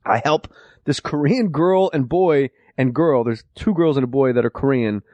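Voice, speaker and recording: A man's voice: medium pitch, normal speed, no room sound, dull audio. A man hosting a podcast, telling a comic story full of swearing and acted-out voices. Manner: profane, animated, acts out voices. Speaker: podcast host.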